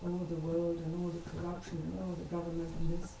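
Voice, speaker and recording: A woman's voice: fairly low pitch, monotone, a little fast, vocal fry, dark tone, echoey room, slight background noise, poor audio. A woman from a home congregation adding an earnest, emphatic comment to a sermon. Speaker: congregation member.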